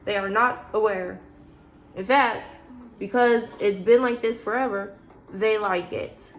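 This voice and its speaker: A woman's voice: medium pitch, a little slow, slight background noise. A woman vlogger talking casually about faith, emphatic and preachy, with many rhetorical questions. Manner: loose, chatty, frequent fillers. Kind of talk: casual faith talk to camera.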